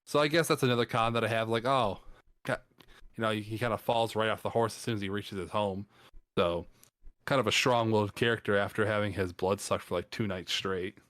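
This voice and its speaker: A man's voice: lowish voice, fairly even intonation, a little fast, fairly bright tone, no room sound. A man co-hosting a casual film review chat, speaking hesitantly with many ums and hedges. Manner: hesitant, lots of ums and hedging. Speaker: film podcast co-host.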